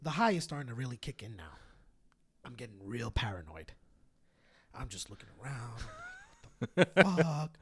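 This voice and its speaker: A man co-hosting a casual podcast, telling stories in a loose, profane way, laughing often and acting out other people's lines. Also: slightly rough. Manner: animated, profane, laughs often, acts out quotes in high voices. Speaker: podcast co-host. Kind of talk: casual storytelling chat.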